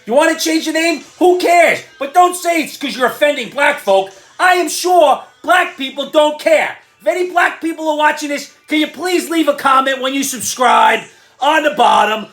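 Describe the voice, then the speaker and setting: Ranting middle-aged Irish man, shouting bursts. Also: very high-pitched, reverberant. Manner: sarcastic, stumbling restarts. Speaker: commentary show host. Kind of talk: ranting opinion commentary.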